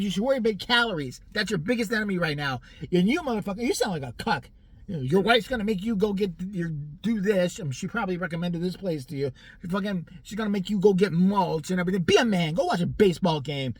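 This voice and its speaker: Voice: mid-range voice, expressive, quick pace, breathy edge, no room sound. Profane sarcastic ranter in their forties. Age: 40s. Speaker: vlogger. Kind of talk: comic rant.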